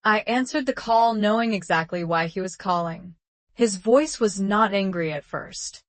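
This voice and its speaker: A woman narrating a first-person drama story in a calm, measured, even way. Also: mid-range voice, no echo.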